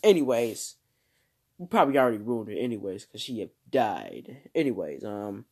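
Lively, rambling male movie vlogger. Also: lowish voice, normal speed, breathy edge. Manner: rambling, joking asides to himself. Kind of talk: casual movie news commentary.

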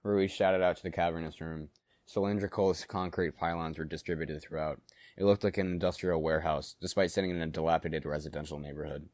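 Deep-voiced man reading a story aloud. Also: steady tone, quick pace, dry recording. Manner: acts out characters in dialogue, shouting and growling. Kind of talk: reading a fan story aloud, voicing characters.

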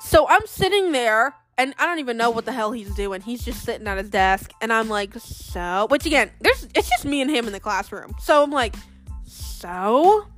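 A young woman tells a story in a loose, chatty way. Her voice sits a little high, and she laughs often and fills her talk with likes and ums. Faint music plays underneath. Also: animated, brisk, hardly any pauses, a bit bright. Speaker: vlogger. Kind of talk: casual storytelling.

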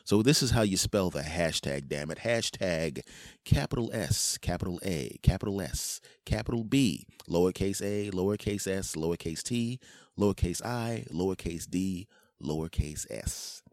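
A man in his late forties hosting a podcast, telling a comic story in an animated way and dropping into low, smooth murmurs. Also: moderate pace, no echo, studio quality. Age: 40s. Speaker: podcast host. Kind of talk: casual comic monologue.

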